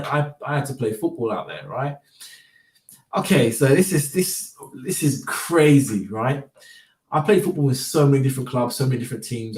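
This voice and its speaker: A man talks casually to camera and rambles through his points. He fills them with "um" and repeats his words as he thinks. His voice is of middling pitch and sounds roomy and a little distant from the mic. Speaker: vlogger. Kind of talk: casual monologue.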